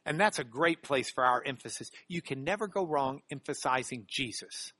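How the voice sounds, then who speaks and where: A man teaching a Bible lesson in an earnest, animated way, with sudden emphatic rises and softer prayerful passages. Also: medium pitch, normal speed, no room sound. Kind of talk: sermon-style Bible lesson.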